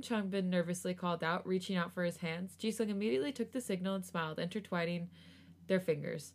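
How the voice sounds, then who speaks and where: A woman's voice: lowish voice, fairly quick. A woman co-hosting a podcast, reading fan fiction aloud with giggly asides and some stumbles. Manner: giggly, stumbling over words. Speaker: podcast co-host.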